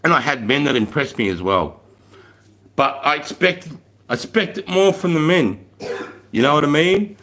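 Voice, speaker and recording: A man's voice: a little high, expressive, normal speed, pauses often, a bit bright. An Australian man, a former army corporal, telling a story in a blunt, heavily profane, emphatic way. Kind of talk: casual storytelling.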